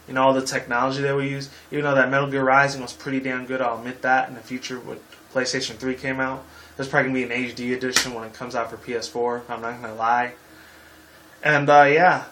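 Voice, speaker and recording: A man's voice: medium pitch, fairly bright tone, rough recording. Profane young man ranting about games. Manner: profane, rambling and heated; casual sign-off slang. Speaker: gaming video host. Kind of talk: casual ranting game review.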